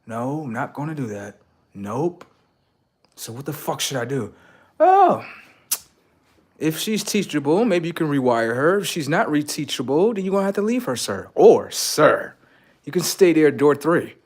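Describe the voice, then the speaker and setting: Blunt, profane man ranting on stream. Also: normal speed. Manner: blunt, profane, lecturing viewers as "sir"; animated, swings between loud outbursts and low mutters. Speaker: livestreamer giving relationship advice. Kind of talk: casual livestream monologue.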